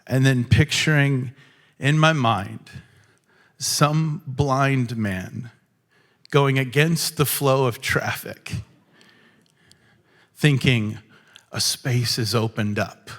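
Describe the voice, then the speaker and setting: Slow, animated man preaching. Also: medium pitch. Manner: animated, acts out quotes, swings from loud to hushed. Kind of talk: sermon. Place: church hall.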